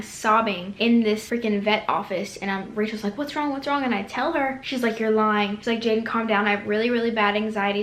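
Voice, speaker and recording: A young woman vlogger tearfully and earnestly retelling a painful story in a quick, rambling way. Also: a little high, a bit bright. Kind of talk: emotional storytelling vlog. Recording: echoey room.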